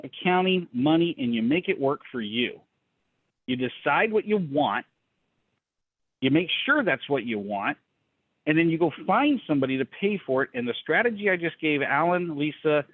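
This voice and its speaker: A middle-aged man leads a business mastermind over a video call, talking fast and emphatically, repeating himself and acting out little conversations. His voice sits a bit high. The sound is thin, phone-like and dry. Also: no room sound. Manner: fast, emphatic, repeats words, acts out dialogue. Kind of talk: energetic coaching rant on a video call.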